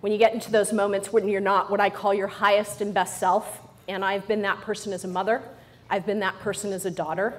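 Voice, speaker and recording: Brisk and medium-pitched with little pitch movement, a middle-aged woman delivers a lighthearted motivational talk to people in the room. She jokes playfully and keeps engaging the crowd with repeated "right?" asides.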